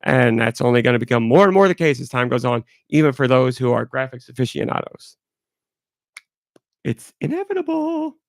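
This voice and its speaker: Male podcast host, gravelly and stuffed-up, rambling candid solo talk, dry close sound. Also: mid-range voice, fast talker, hardly any pauses, no echo. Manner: rambling, candid, talks through it. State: congested.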